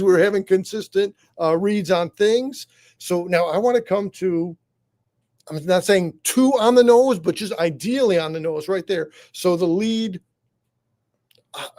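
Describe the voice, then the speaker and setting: An excitable man with a high, light voice talks a streaming show through with a co-host. He rambles from point to point, laughing as he goes. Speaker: podcast co-host. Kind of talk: enthusiastic review chat. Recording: live online show.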